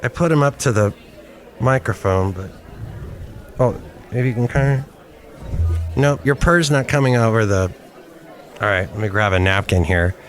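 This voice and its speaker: A man hosting a podcast from a cafe, talking in a chatty, joking, rambling way, his voice a little rough after covid. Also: fairly low pitch, normal speed, soft background music, some chatter behind. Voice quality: rough, smoker-like after illness. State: recovering from covid, slightly rough voice. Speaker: podcast host. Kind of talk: casual podcast chat.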